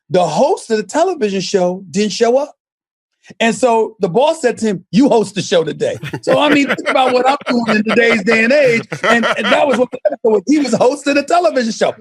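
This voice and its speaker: A man with a very high-pitched voice tells a story on a sports talk show with excitable energy. He stammers and doubles his words as he picks up steam. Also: no room sound, clean studio sound.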